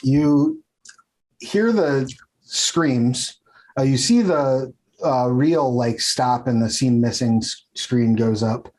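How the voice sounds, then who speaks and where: A man's voice: medium pitch, lively intonation, slow, darkish tone, low-quality recording. A man narrating as game master of a tabletop game, with a rambling, filler-heavy delivery. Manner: rambling, many fillers and restarts.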